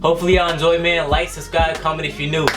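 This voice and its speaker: Animated young man telling a story. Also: a little high, fast, music in the background. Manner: animated, repeats himself, lots of fillers. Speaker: vlogger. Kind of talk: casual storytelling.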